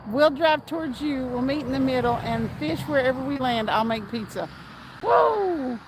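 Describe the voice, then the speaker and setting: A woman's voice: high-pitched, normal speed, background noise. A woman hosting a casual fishing livestream outdoors at night, chatting and reading viewer comments aloud with frequent laughs. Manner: chatty, reads chat aloud, laughs often.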